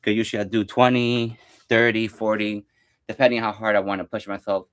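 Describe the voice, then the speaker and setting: A man's voice: fairly low pitch, level tone, fairly quick, clean tone. A young man casually talking through a home workout, rambling with lots of fillers and counting his reps aloud. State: out of breath at times. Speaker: fitness vlogger.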